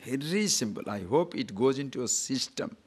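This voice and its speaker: Animated Odia-accented spiritual teacher. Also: male voice, medium pitch, normal speed, husky. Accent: Indian English, Odia. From Odisha, India. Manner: animated, playful, rhetorical questions. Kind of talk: spiritual discourse with storytelling.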